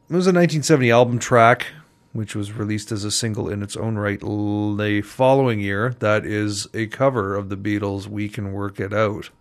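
A man hosting a community radio music show, casually back-announcing tracks in a relaxed, rambling way with many ums. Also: fairly low pitch.

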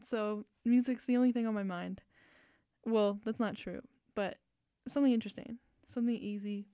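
A giggly, rambling woman hosting a radio show, talking loosely and a bit self-consciously. Her voice is fairly high, and the studio sound is close and dry. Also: steady tone, normal speed, dark tone, clean tone, dry recording. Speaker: radio host. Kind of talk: casual radio chat. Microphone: fixed studio mic.

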